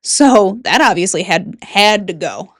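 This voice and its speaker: Animated but at a measured pace, this young woman speaks in a mid-range voice with a Michigan accent, recorded at studio quality with no room sound. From Michigan herself, she hosts a casual solo folklore podcast from her bedroom, chatty, joking and whispering asides.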